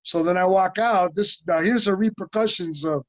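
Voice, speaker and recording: A high-voiced man talks at normal speed with hardly any pauses. He's a martial arts actor on an interview, animatedly rambling through casual anecdotes and acting out quoted voices, captured in a dry, muffled, lo-fi recording.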